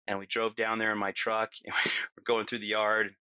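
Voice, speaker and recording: A middle-aged man as a podcast guest, telling a story in casual talk, animated and laughing often, acting out what people said. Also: fairly low pitch, moderate pace, clean tone, no echo.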